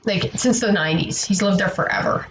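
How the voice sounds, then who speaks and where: A tired woman vlogger tells her story in a rambling, exasperated way and swears freely. Her pitch is mid-range for a woman. A faint hiss of background noise runs under the recording. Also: a little fast, poor audio. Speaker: online seller vlogger. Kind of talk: casual storytelling to camera.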